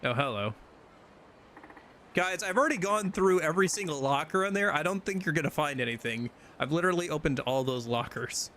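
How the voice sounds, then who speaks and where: A man's voice: a little high, expressive, fairly quick, bright, forceful tone, a little hiss or hum. A man streaming a video game, chatting casually and rambling with lots of fillers and restarts. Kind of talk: casual gameplay chat.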